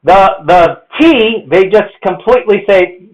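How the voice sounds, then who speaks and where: Male presenter with a high, expressive voice; methodical, lecturing delivery; muffled lo-fi sound. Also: measured pace. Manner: lecturing, counts errors methodically. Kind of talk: explanatory monologue.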